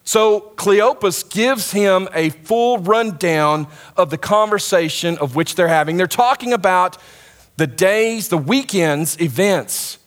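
A man's voice: sits high, slow, fairly bright tone. A middle-aged man preaching a sermon to a live congregation in a church, talking conversationally and asking the audience questions.

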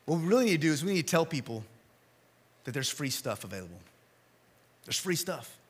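A male pastor preaching a sermon in a church, telling stories with big swings from shouting to quiet appeals. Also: on the high side, big pitch swings, brisk, breathy edge.

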